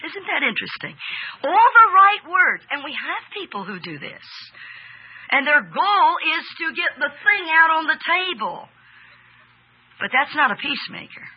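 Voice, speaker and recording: A woman's voice: high-pitched, big pitch swings, lo-fi sound. A woman preaching a sermon, stretching key words for emphasis and putting questions to her listeners. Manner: emphatic, drawn-out stresses, asks audience questions. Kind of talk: sermon with audience exchange.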